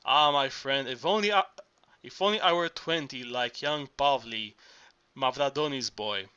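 A man voicing a bawdy old village verger who talks in a rambling, halting way. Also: mid-range voice, sharp tone, clear, resonant tone, muffled recording. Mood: sly. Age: older.

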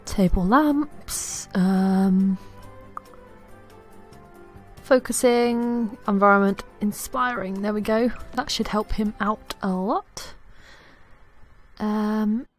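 A woman's voice: mid-range voice, drawn-out words, long pauses. A young woman casually commenting on her life-simulation game, giggling and talking to her characters. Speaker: gaming YouTuber. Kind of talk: casual Let's Play commentary. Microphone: desktop USB mic. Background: faint game music.

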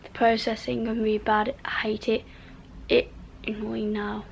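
A woman's voice: fairly high pitch, little pitch movement, measured pace, creaky, slight background noise, poor audio. A woman from the UK chatting in a rambling vlog at home, full of fillers and trailing off. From United Kingdom. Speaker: vlogger. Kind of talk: casual vlog talk. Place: home bedroom, indoors.

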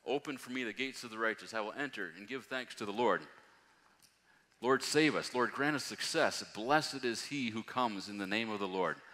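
A man preaching a sermon, reading scripture aloud and rising to loud, emphatic passages. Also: fairly low pitch, normal speed. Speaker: pastor. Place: church hall. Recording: long hall reverb.

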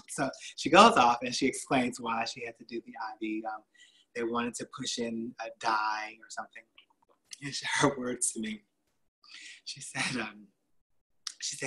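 A male host tells a personal story in a loose, chatty way, laughing often and getting animated. His voice is bright and forward, at a middle pitch for a man. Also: a little slow, pauses often, low-quality recording. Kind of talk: casual motivational storytelling.

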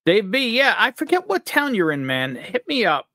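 A man's voice: sits high, wildly swooping pitch, normal speed, bright, forceful tone, no room sound, studio quality. A man from upstate New York hosting a live stream, upbeat and jokey as he greets viewers by name. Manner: upbeat, jokey, reads out chat names. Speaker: livestream host.

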